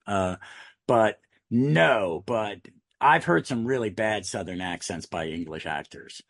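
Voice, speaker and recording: A man's voice: lowish voice, expressive, slow pace, fairly bright tone, no room sound, clean studio sound. An American man chatting casually on a podcast, rambling through anecdotes and tangents. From United States. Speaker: podcast co-host.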